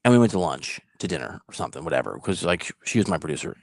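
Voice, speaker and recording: A man's voice: low-pitched, rapid-fire, creaky, dry recording. A man hosting a casual podcast, his voice rising and falling a lot as he laughs through stories. The sound is dry and close. He talks loosely and swears now and then. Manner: animated, laughing storyteller who swears. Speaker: podcast host. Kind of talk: casual storytelling chat.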